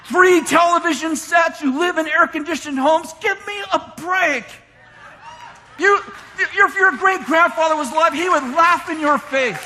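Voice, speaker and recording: A man preaching a lively sermon, shouting his points and mimicking complainers in mock voices. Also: extremely high pitch, moderate pace, some chatter behind, slight background noise. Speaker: pastor. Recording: long hall reverb from a church.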